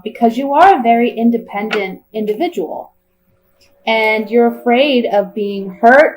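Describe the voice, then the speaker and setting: A woman's voice: medium pitch, a little hiss or hum, low-quality recording. A woman giving a tarot reading in a casual, chatty way, thinking aloud as she turns the cards. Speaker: tarot reader.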